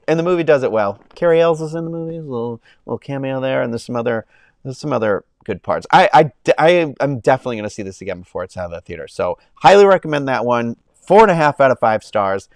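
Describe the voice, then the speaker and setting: Young man, casual streamer, smooth and clear, dry close-mic sound, rambly and effusive. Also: fairly low pitch, no room sound. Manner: rambling, many fillers and restarts, gushing. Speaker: movie review livestream host. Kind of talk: casual chat. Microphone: own microphone, close.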